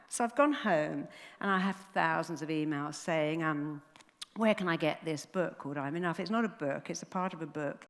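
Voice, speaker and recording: A middle-aged woman, a therapist telling a story on stage with animated delivery and acted-out quotes. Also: sits low, moderate pace. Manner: animated, acts out quoted voices. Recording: long hall reverb.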